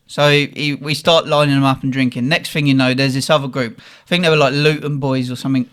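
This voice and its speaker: A young man tells a story on a casual podcast. He is animated and profane, acting out the people in the story. His voice sits slightly high for a man. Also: quick pace, few pauses, clear, resonant tone. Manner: animated, swears freely, quotes people in the story. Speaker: podcast co-host.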